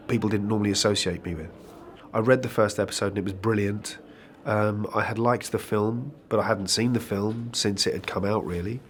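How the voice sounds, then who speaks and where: Man, actor in an interview, lowish voice, candid chatty answers, frequent restarts, faint background noise. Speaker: actor interviewed about his career.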